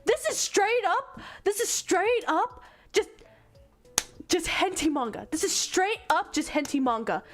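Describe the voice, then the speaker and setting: A woman's voice: very high-pitched, expressive, measured pace, soft background music. A female streamer giving casual commentary, exasperated and swearing a lot.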